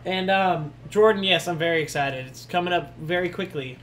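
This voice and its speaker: A young man livestreaming a game, chatting with viewers and then yelling and cursing at enemies as they attack. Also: sits high, moderate pace, slight background noise. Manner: swears and yells at game enemies, chats with viewers. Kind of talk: live gameplay commentary. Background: loud game music.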